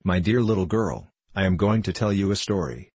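A man reading as a gentle, grave mother. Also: sits low, expressive, a little fast, slightly rough, no room sound. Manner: gentle, earnest.

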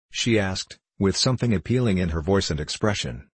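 A man narrating an audiobook in a steady, unhurried storytelling manner. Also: deep voice, husky, dry recording. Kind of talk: scripted narration.

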